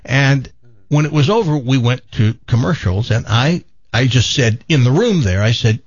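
A man hosting a radio talk show, telling a story in a lively, laughing way with lots of restarts. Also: mid-range voice, normal speed, breathy edge, dry recording, dull audio. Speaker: radio host. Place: radio studio. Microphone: studio mic with headphones.

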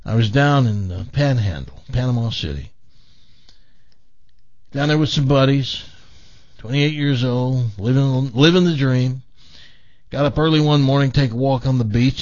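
A man's voice: medium pitch, a little mellow, no echo, highs cut off, natural voice. A man voicing a matter-of-fact, confiding man at a bar who tells his own strange story. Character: ordinary man with a tiny head, wry and matter-of-fact.

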